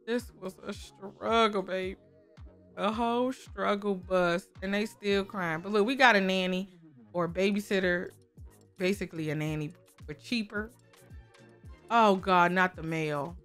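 A woman's voice: medium pitch, a little slow, a bit bright, faint music behind. A woman casually commenting on her game, chatty and exclaiming, talking to viewers and to the characters, with speech. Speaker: gaming YouTuber.

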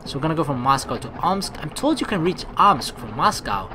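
A let's-play gamer reading game text aloud and reacting excitably with commentary. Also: medium pitch, brisk, background noise. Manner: excitable, reacts with sudden outbursts.

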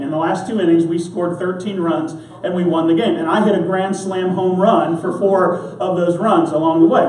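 A man's voice: sits high, a little mellow, slight background noise. A man pastor preaching an earnest, emphatic sermon, telling stories to drive his points home. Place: church sanctuary. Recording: roomy church sound from a distance.

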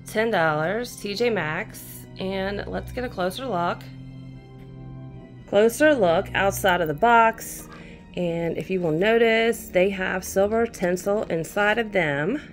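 A woman who hosts a crafting channel chats fondly in a casual show-and-tell of her shopping haul, also talking to her cat. Her voice is medium-pitched and unhurried, with faint music in the background.

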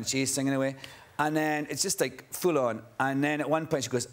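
A middle-aged man with a Scottish accent, a chat show guest telling a lively anecdote and acting out other people's voices. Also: medium pitch, a little fast, hardly any pauses. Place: TV studio with live audience. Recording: studio audience laughter and noise.

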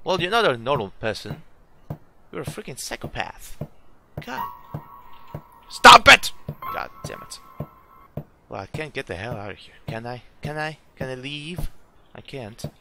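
A young man playing a horror game, talking to himself, swearing and yelling as jump scares hit. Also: mid-range voice, sing-song, a little slow, vocal fry, long pauses, over music. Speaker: gaming YouTuber. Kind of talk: horror game let's play commentary.

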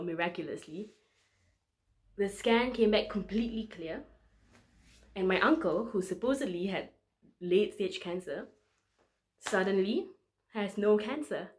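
A young woman in her twenties, a medical student preaching, telling a personal testimony in an earnest, emotional way, acting out her prayers with feeling. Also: mid-range voice. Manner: earnest, emotional storytelling with lively quoted prayers. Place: church online service recording.

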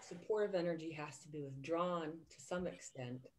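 A woman hosts a podcast in a low, steady voice. She talks earnestly and with gentle enthusiasm in a relaxed interview chat. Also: normal speed. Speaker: podcast host.

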